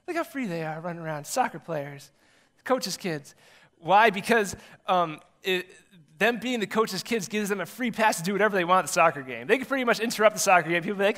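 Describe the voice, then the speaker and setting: A man's voice: high voice, lively intonation, brisk, sharp tone. A man, a middle school pastor giving a casual, chatty sermon and acting out little quotes as he tells the story.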